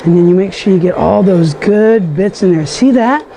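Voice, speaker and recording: A woman's voice: mid-range voice, animated, normal speed, background noise. Chatty woman hosting a cooking show. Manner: chatty and enthusiastic, talks to viewers. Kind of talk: casual cooking demonstration.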